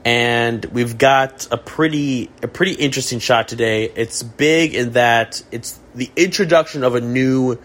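A man's voice: medium pitch, measured pace, hardly any pauses, fairly bright tone. A man hosting a casual comedy podcast, talking in a dry, mock-serious way with many restarts. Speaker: podcast host.

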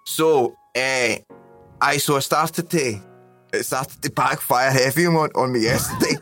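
A man's voice: mid-range voice, huge pitch swings, measured pace, fairly bright tone, soft background music. A man, co-hosting a podcast in casual chat, swearing freely and laughing as he tells stories. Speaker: podcast co-host.

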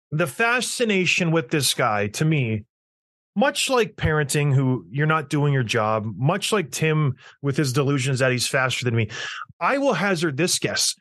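A man hosts a podcast in a blunt, emphatic rant, pushing his points hard and teasing his co-host. His voice sits a little higher than most men's. The sound is dry and close, with no room echo. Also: fairly bright tone. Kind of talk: casual opinionated rant.

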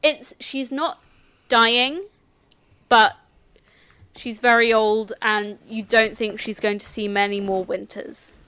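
A woman acting as game master, calmly explaining the characters and rules of a tabletop game with some restarts. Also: fairly high pitch, slow, clear, resonant tone.

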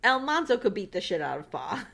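A woman's voice: medium pitch, very animated, a little fast, gravelly, a bit bright. A woman co-hosting a casual chat show, recapping episodes, laughing often and acting out quotes. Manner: swears casually. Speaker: podcast co-host.

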